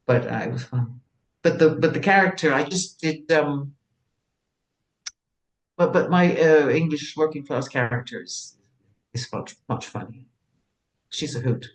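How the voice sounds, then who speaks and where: A woman's voice: deep voice, a little slow, long pauses, low-quality recording. An older woman, an actress being interviewed, talking in a rambling, anecdotal way with frequent restarts. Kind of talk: casual conversation.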